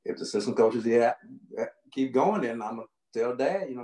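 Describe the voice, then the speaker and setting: A man's voice: mid-range voice, animated, brisk, mellow, echoey room. A man, a veteran lacrosse official, giving casual folksy advice and explaining through family comparisons. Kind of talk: casual instructional talk.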